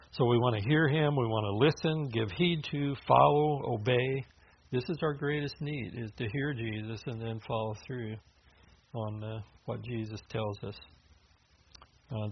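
A man preaching a sermon in a loose, conversational way, with restarts and filler words as he explains scripture. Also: gravelly. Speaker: pastor. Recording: dull low-fidelity sound with faint hiss.

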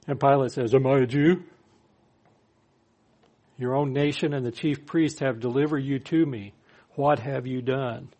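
A man's voice: mid-range voice, a little mellow. A man preaching a sermon, reading scripture aloud and explaining it with dry humor. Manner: reads verses then explains with dry humor. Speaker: pastor.

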